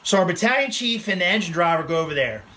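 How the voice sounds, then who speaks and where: A man in his forties chats through a casual vlog story, laid-back and quick to laugh. His voice sits high for a man and sounds bright and forward. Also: lively intonation, a little hiss or hum. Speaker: vlogger, firefighter.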